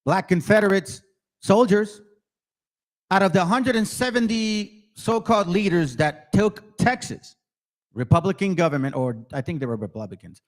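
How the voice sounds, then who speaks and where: On his own channel, a man with a high-pitched, lively voice speaks at a moderate pace. He offers confrontational religious commentary, mocking viewers head-on and reading passages out loud between his comments.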